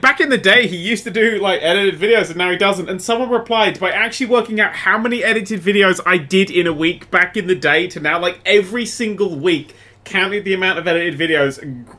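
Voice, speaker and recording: A man with an Essex accent hosting a casual podcast, excitable and jokey, swearing freely. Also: high-pitched. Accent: English, Essex. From Essex, England. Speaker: podcast host.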